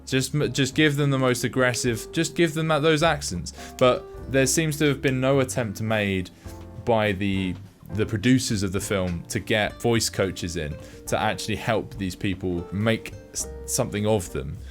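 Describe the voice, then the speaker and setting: Low-voiced man rambling about films. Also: faint music behind. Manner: rambling, halting, many restarts. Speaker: podcast co-host. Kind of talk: casual film review chat.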